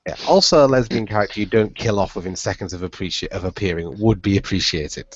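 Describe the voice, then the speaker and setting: A man's voice: deep voice, quick pace, husky, dry recording. A man co-hosting a podcast in casual chat, sarcastic and emphatic, laughing often. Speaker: podcast co-host. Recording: muffled dry podcast audio.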